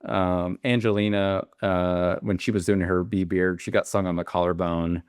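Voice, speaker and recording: A man's voice: low voice, flat delivery, normal speed, clear, resonant tone, no room sound, clean studio sound. A man, a beekeeper guest telling stories in a rambling way, full of fillers and restarts. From Alabama. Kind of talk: casual interview storytelling.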